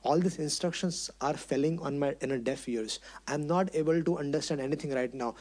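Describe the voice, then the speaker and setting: A male preacher plays a small, fiercely determined boy in a devotional story. The voice sits high, eager and earnest, pleading and insisting by turns. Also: a little fast, a little mellow, lightly acted. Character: five-year-old boy, determined devotee.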